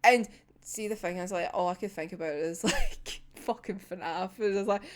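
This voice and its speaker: A woman's voice: on the low side, a little fast. A young woman reacting to a manga chapter in casual chat, swearing freely and laughing often. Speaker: manga reviewer.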